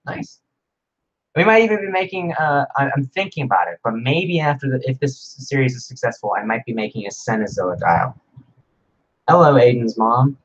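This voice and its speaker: Brief: man, livestream host, rambling and excitable, reads chat aloud, mid-pitched, dull lo-fi mic. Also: moderate pace. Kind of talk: casual livestream Q&A.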